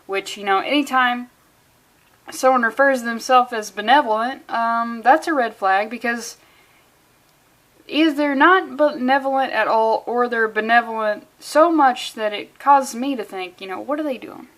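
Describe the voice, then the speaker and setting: A woman's voice: fairly high pitch, a little slow, fairly bright tone. A woman reviewing a comic book in a casual vlog, rambling off on sarcastic tangents and swearing often.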